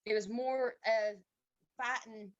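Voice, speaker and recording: A woman giving a heartfelt, halting testimony on a video call. She is tearful and pauses and restarts often. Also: fairly high pitch, steady tone, no echo. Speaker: team member sharing a testimony. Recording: dull, dry lo-fi call audio.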